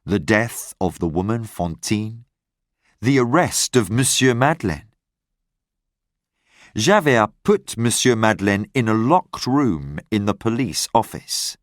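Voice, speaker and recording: A man narrating a simple graded reader story in a clear, careful way. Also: lowish voice, big pitch swings, no echo, clean studio sound. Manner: slow, clear, carefully paced reading.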